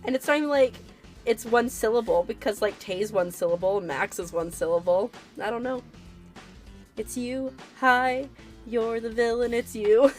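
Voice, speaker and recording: A woman's voice: on the high side, normal speed, a little mellow, faint music behind. A woman chatting casually and giggling while streaming a video game. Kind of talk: casual live-stream gameplay chat.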